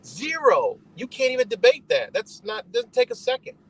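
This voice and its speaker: A man's voice: very high-pitched, huge pitch swings, moderate pace, a bit bright, husky, poor audio. A man hosting a live stream, rambling and swearing as he confronts his chat and answers their questions. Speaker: livestream host. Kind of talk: ranting live stream talk.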